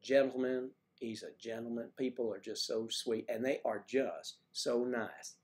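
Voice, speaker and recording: An older man from the East Coast hosts a live stream, chatting in a loose, rambling way. He reads viewer comments aloud and answers them by name. His voice sits at a middle pitch for a man. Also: steady tone, unhurried. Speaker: livestream host. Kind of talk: casual livestream chat reading viewer comments.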